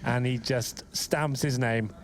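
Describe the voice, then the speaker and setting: A man's voice: fairly even intonation, takes it slowly, slight background noise. A man giving casual colour commentary on an esports match, chatting and laughing with his co-caster. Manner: casual, laughing, drops quiet and low in asides.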